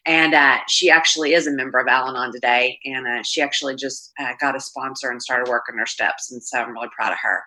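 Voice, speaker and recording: A woman's voice: very deep voice, steady tone, fast, few pauses, sharp tone, low-quality recording. A middle-aged woman from Oklahoma giving a candid, plainspoken recovery talk at a meeting over a video call, with frequent ums and restarts. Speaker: Al-Anon speaker.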